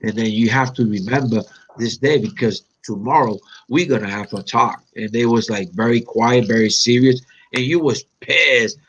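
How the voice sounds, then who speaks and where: Man from puerto rico, animated storyteller, mid pitch, slightly muffled audio. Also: moderate pace, slightly rough. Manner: animated storyteller, acts out quotes with sharp pitch jumps, non-native phrasing. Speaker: interview guest, black belt. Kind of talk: casual reminiscing interview.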